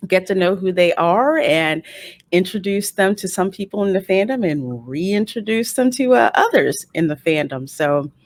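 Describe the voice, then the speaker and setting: A woman's voice: medium pitch, animated, normal speed, no room sound. A woman hosting her own online interview show, bubbly and laughing often. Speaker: host. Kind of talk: casual chat.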